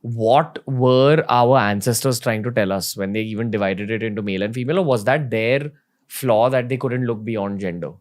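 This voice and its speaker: A man's voice: mid-range voice, moderate pace. A man hosting an interview and asking curious, conversational questions. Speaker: podcast host. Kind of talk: interviewing a guest.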